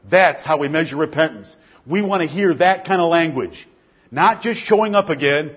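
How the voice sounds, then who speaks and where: Preacher, male, high husky voice, fervent and emphatic, sermon delivery. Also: expressive, normal speed, highs cut off.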